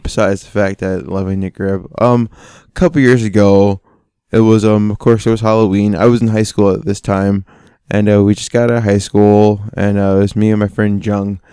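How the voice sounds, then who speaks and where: A young man tells a story on a casual podcast, keeping the tone animated and breaking into laughter now and then. His voice is smooth and resonant, and the room sounds dry and close. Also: on the low side, moderate pace, few pauses, dry recording. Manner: animated, laughing often, acting out quoted lines. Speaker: podcast co-host.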